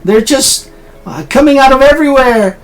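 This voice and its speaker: A man's voice: extremely high pitch, expressive, moderate pace, pitched above the performer's own voice. A man voicing a panicked survivor of a beast attack, speaking in frantic short bursts.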